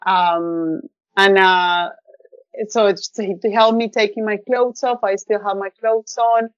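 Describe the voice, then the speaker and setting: A woman's voice: medium pitch, steady tone, takes it slowly, dry recording, muffled recording. A woman guest on a podcast, telling a personal story in an effusive, heartfelt way with plenty of fillers. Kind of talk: casual storytelling interview.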